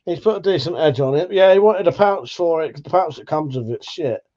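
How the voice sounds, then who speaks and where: A man's voice: on the high side, animated, brisk, mellow, highs cut off. Tired, sweary man on a livestream. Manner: swears a lot, chatty and laid-back. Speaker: livestream host. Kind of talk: casual live chat.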